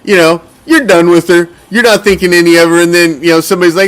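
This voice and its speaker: A man's voice: sits high, steady tone, fast talker, hardly any pauses, a bit bright. A middle-aged man hosting a fan sports podcast, ranting heatedly and swearing constantly. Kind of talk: profane sports rant.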